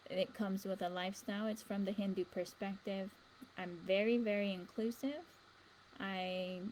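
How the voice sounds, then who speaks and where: A woman hosts a spiritual talk show in a firm, measured voice, with a middle pitch and pauses filled by fillers. Her tone is earnest and steady. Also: a little hiss or hum, poor audio.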